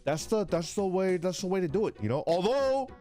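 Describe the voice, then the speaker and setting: Lively, animated young man chatting casually. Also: brisk, faint music behind. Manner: rambling, laughing, swearing, acts out voices in a high yell. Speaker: streamer. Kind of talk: casual chat stream.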